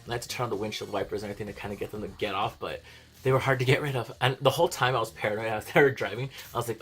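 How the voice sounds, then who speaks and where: Fast-talking man telling a story. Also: on the low side, steady tone, a bit bright, slight background noise. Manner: profane, chatty, laughs often. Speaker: beauty vlogger. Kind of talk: casual storytelling to camera.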